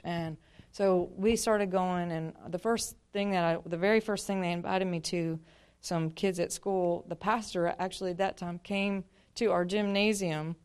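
Woman, rambling church testimony, resonant clear voice, lowish pitch, conversational. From Montana. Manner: rambling and conversational, with many fillers and acted-out asides. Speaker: speaker sharing her faith testimony. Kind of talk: casual spoken testimony to a church audience.

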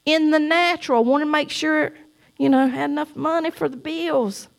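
A middle-aged woman giving a church testimony, emphatic and preachy, swinging between loud cries and soft asides. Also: high voice, fairly even intonation, moderate pace, creaky.

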